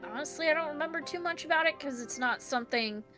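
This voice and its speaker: A woman's voice: high voice, fast talker, over music. A woman guest in a casual chat about a video game, giggly and hesitant, with many fillers.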